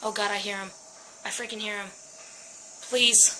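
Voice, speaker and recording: A woman's voice: medium pitch, steady tone, moderate pace, pushed and bright, a little hiss or hum, rough recording. A young woman playing a horror game at home, frightened and jittery, swearing and talking to her viewers and her dog. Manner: swears and screams. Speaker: gaming channel host. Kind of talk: horror game let's play commentary.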